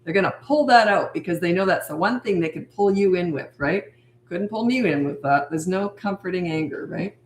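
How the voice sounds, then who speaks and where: An older woman parenting coach with a lowish voice answers viewer questions briskly on a live stream, blunt and firm and repeating her points. The low-quality recording is reverberant, with a little hiss or hum.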